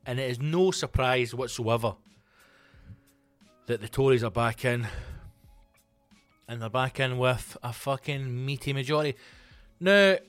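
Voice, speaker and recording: A middle-aged Scottish man and comedy podcast host, ranting in a loose, sweary, animated monologue. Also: mid-range voice, unhurried, pauses often, dry recording, soft background music. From Scotland.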